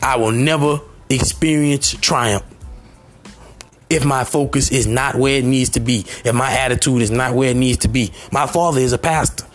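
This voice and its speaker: A man giving a motivational sermon, repeating short phrases and rising to near shouts, with faint music underneath. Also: medium pitch, moderate pace. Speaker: motivational speaker.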